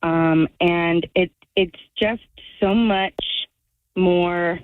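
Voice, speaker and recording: A woman calling in to a radio show, a former therapist who talks haltingly, searching for words. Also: lowish voice, steady tone, clear, resonant tone, no echo. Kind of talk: phone call to a radio show. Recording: tinny phone line.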